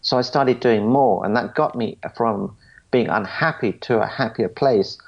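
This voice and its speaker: A man's voice: medium pitch, measured pace, gravelly, lo-fi sound. A man in his forties telling his story as a podcast guest, earnest, often stammering and restarting, acting out what others said to him. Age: 40s. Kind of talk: storytelling interview answers.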